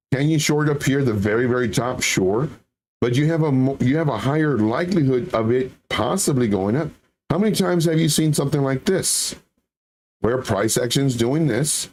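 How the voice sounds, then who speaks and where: Casual male stream host, mid pitch, sarcastic and full of rhetorical questions. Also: a little mellow. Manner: sarcastic, rhetorical questions, reads chat aloud. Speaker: crypto trading livestream host. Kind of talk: casual livestream commentary.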